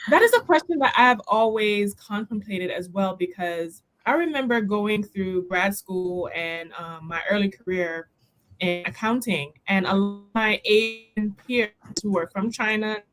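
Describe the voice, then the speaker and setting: A woman's voice: medium pitch, a little slow, a bit bright, low-quality recording. A woman speaking as a guest on a casual panel discussion, sassy and playful, dropping "honey" into her talk.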